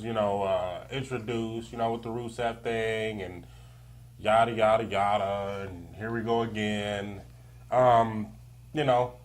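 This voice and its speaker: Animated man acting out quotes. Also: lowish voice. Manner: animated, acts out quoted wrestler lines. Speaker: podcast co-host. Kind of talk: casual podcast chat.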